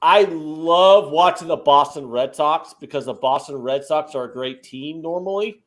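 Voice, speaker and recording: A man from the Midwest rants emphatically on a casual betting podcast, swearing freely. His voice sits a little high. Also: unhurried. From American Midwest. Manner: profane, emphatic ranting. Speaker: co-host.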